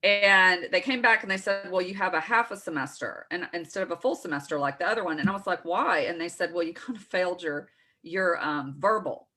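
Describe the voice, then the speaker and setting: A woman's voice: fairly low pitch, fairly quick, sharp tone. A woman in her forties with a Texas accent, co-hosting a casual morning show and telling rambling stories with self-correcting asides. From Southern United States. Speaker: co-host.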